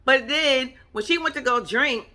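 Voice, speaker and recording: Brief: lively woman vlogger, casual profane recap with lots of laughs, sharp bright tone. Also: sits high, unhurried. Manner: animated, profane, laughing commentary. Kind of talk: casual chat.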